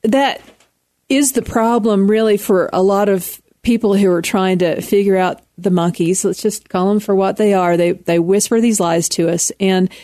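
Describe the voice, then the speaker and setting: A woman's voice: medium pitch, steady tone, moderate pace, mellow, dry recording, studio quality. A woman in her fifties with a Texan accent, an author speaking frankly and earnestly as a guest on a radio interview. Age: 50s. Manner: earnest, frank, laughs easily.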